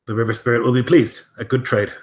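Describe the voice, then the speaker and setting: A man's voice: mid-range voice, level tone, fast talker, lightly acted. A man voicing an earnest young female orc in a tabletop game, speaking plainly and formally. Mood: pleased.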